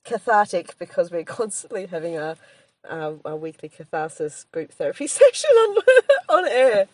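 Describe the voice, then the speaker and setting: Low-voiced Australian woman, rambling. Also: very animated, normal speed, darkish tone, no room sound. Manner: rambling, laughs often, trails off and restarts. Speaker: podcast co-host, comedian. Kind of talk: casual chat.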